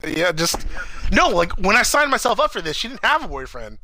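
A man's voice: a little fast, rough recording. A young man from California telling a story in casual chat, swearing often and acting out other people's lines. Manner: animated, acts out quotes in a high voice, swears often.

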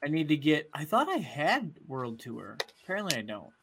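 A man's voice: a little high, normal speed, creaky, a little hiss or hum. A man hosting a podcast in an easygoing way. He hesitates a lot and fills gaps with ums while he steers the chat. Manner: relaxed, hesitant, lots of ums. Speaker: podcast host. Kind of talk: casual chat.

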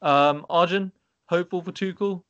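A young man hosting a casual football podcast, moving his panel along with brisk questions. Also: high voice, fairly bright tone, clear, resonant tone, dull audio. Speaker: podcast host.

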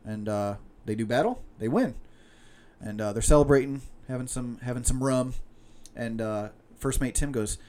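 A man's voice: mid-range voice, normal speed, a little mellow. A young man telling long-winded jokes in casual chat, laughing often and restarting lines as he goes. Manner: laughs a lot, rambling storyteller with restarts.

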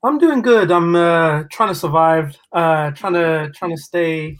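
A man from the UK, a writer and performer, chatting as a podcast guest in a relaxed, hesitant way. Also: a little high, a little slow, clean tone. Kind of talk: casual interview chat.

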